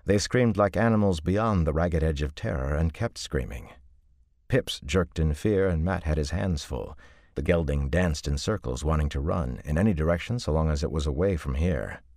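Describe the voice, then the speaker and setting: Very deep-voiced male audiobook narrator. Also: normal speed, darkish tone, no echo, studio quality. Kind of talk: scripted narration.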